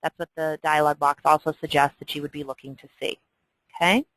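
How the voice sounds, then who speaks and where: A woman's voice: sits low, steady tone, a little fast, a bit bright, dry recording, low-quality recording. A woman teaching stock chart reading in a chatty, emphatic way, often checking in with "okay?". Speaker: trading instructor. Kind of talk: screen-share trading tutorial.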